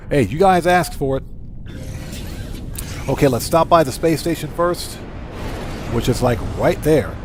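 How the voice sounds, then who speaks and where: A man streaming a video game live, chatting casually, reading viewers' messages aloud and thanking them, with his voice going hoarse. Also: on the high side, slight background noise. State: losing his voice. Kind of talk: casual live gameplay chat.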